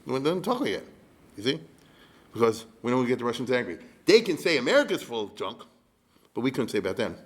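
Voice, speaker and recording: A man's voice: medium pitch, big pitch swings, fast talker. A man, a rabbi, giving a conversational history lecture, often checking in with his listeners and dropping wry humorous asides. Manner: chatty, keeps checking in with the audience.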